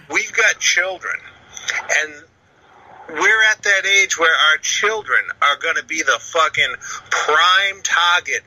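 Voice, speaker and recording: A man's voice: on the high side, slow pace, pushed and bright. A man in his thirties from the Boston area, leaving a profane, emphatic voicemail for a podcast. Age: 30s. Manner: profane, emphatic, lists points. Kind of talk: casual voicemail rant. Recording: phone-line voicemail.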